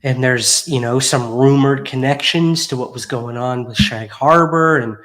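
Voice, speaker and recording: A man's voice: mid-range voice, unhurried, a bit bright. A man hosting a podcast, prompting his guest in an easygoing, casual chat. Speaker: podcast host.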